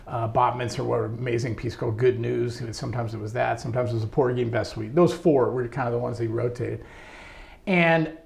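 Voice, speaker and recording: A man being interviewed, telling a long anecdote about his music career in a lively way, laughing often. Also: medium pitch, a little fast, creaky. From United States. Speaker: interview guest, trombonist. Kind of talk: storytelling in casual interview.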